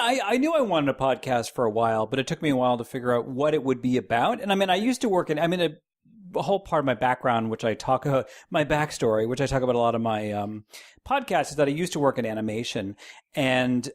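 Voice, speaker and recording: A man guest on a podcast, talking in a self-deprecating, jokey way with animated bursts. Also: mid-range voice. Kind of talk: casual chat.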